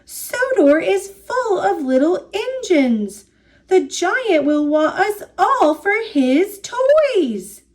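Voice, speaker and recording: A woman voicing a small, cheerful young tank engine in a storybook read-aloud, with high, excited exclaiming. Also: extremely slow, exaggerated voice. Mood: worried.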